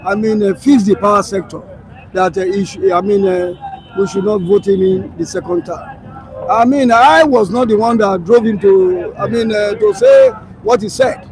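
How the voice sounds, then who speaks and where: A man speaks in a strikingly high voice as a political commentator. He argues emphatically, throws out rhetorical questions and often stalls on "uh" and "I mean". A faint crowd murmur sits behind him. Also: moderate pace, a little mellow, poor audio. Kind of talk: live political talk show discussion.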